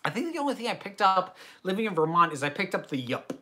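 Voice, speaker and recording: A man's voice: high voice, big pitch swings, quick pace, bright, forceful tone. A young American man hosting a livestream Q&A from his bedroom, reading chat questions aloud and answering them in long tangents. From United States. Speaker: host.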